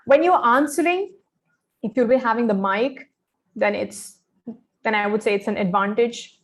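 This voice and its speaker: A woman's voice: fairly high pitch, moderate pace. Woman coaching pageant contestants. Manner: instructive, friendly, frequent "okay" and fillers. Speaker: pageant fashion and grooming coach. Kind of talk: training session talk.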